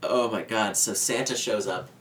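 A man's voice: lowish voice, moderate pace. Joking man on a roomy distant mic. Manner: joking, animated retelling with mock quotes. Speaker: podcast co-host. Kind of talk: casual chat reviewing a holiday special. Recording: roomy, distant mic, faint background noise.

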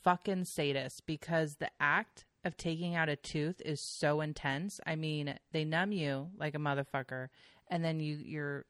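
Low-voiced woman telling rambling stories. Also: steady tone, moderate pace, a bit bright, no echo, studio quality. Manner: chatty storyteller with frequent fillers and swearing. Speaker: podcast guest. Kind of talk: casual chat.

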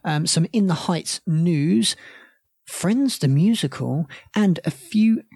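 Slow, gravelly-voiced woman host. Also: lowish voice, expressive, mellow, no echo, clean studio sound. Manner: slow, measured presenting. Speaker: podcast host. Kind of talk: casual chat.

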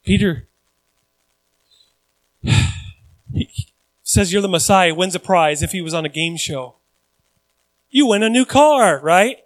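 A pastor preaching a lively, conversational sermon, joking and asking the congregation questions. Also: male voice, sits high, takes it slowly, long pauses, dry recording, rough recording. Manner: animated, conversational preaching with jokes and audience questions.

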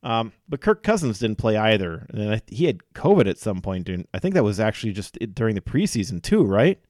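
A man's voice: lowish voice, very animated, fairly quick, darkish tone, dry recording, clean studio sound. A man hosting a casual sports podcast, joking and chatty with restarts and fillers. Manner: jokey, self-deprecating, fillers and restarts. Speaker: podcast host. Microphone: podcast mic.

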